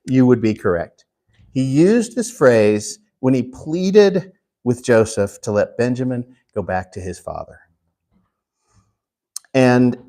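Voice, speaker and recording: A man teaching a Bible class in an unhurried way, putting questions to the class. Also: mid-range voice, mellow. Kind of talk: interactive Bible class lesson.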